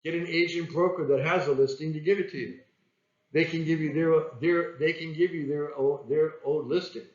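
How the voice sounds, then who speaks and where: A man's voice: a little high, steady tone, normal speed, roomy sound, muffled recording. A man giving plain-spoken sales coaching and acting out phone calls. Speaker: sales trainer.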